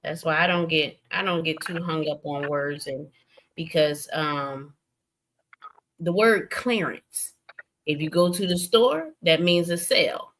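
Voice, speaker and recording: Bright-voiced woman chatting animatedly. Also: low-pitched, unhurried, a little hiss or hum. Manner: animated, emphatic storytelling. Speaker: streamer host. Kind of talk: casual chat. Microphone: streaming setup.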